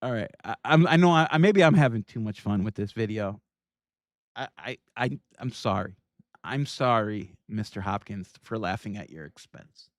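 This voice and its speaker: A man's voice: on the low side, lively intonation, normal speed, dry recording. A man hosting a livestream, reacting to video clips in casual, irreverent commentary and laughing often. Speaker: livestream host.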